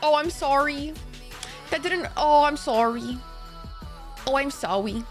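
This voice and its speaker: A woman's voice: sits high, measured pace, long pauses, faint music behind. A young woman streaming a game and chatting with viewers, bubbly and apologetic, swearing freely and sniffling from sinus trouble. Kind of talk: casual live-stream chat.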